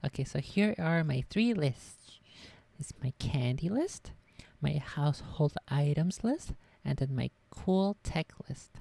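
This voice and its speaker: A woman's voice: low-pitched, lively intonation, measured pace, vocal fry, dark tone, no room sound. A woman streaming from her desk at home, chatting casually and rambling offhand. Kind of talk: casual live-stream chat.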